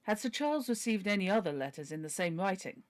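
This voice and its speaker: A woman's voice: mid-range voice, lively intonation, fast, close to an everyday voice. A woman voicing a decisive young male baronet while reading a novel aloud. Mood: brisk.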